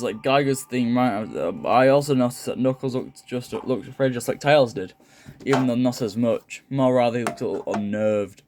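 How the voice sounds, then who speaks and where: Energetic young man reading a creepypasta. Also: mid-range voice, a little hiss or hum. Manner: energetic, jokey, stumbles and laughs at own slips. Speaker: creepypasta reader. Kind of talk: casual story reading.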